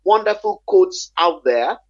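Man, husky and slightly high, earnest emphatic talker, dry dull lo-fi sound. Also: expressive, measured pace, no room sound. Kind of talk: conversational discussion.

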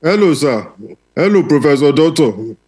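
A man playing an anxious, excitable expectant father with a Nigerian accent, pleading in broken English. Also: on the high side, normal speed, poor audio.

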